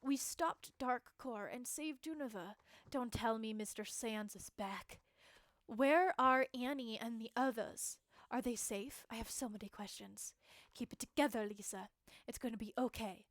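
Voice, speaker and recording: A woman reading a shaken young rider, higher voice. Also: measured pace, dry recording. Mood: worried. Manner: reading game dialogue aloud, putting on an accent. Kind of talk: dramatic game dialogue read-aloud.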